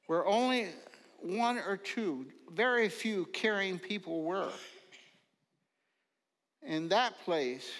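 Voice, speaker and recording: Older gravelly-voiced preacher, unhurried folksy storyteller, recorded in a reverberant sanctuary. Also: male voice, on the high side. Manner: slow storytelling, bursts into loud ringing calls. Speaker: pastor. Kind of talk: folksy sermon with stories. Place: church sanctuary. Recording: long reverb of a large hall.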